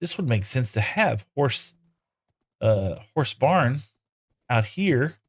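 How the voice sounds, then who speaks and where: A man's voice: mid-range voice, big pitch swings, takes it slowly. A man live-streaming a game, chatting casually with viewers and coaxing his in-game horses in playful broken talk.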